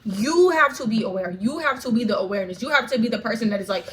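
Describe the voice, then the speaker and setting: A woman's voice: on the high side, animated, quick pace, fairly bright tone. A woman vlogger ranting straight to camera, fervent and profane, repeating lines for emphasis. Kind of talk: direct-to-camera rant.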